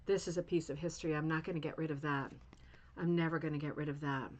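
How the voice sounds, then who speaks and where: A woman's voice: sits low, fairly even intonation, fast. A woman hosting a casual craft chat, gushing and rambling with many fillers as she shows a rug to viewers at home. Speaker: rug hooking channel host.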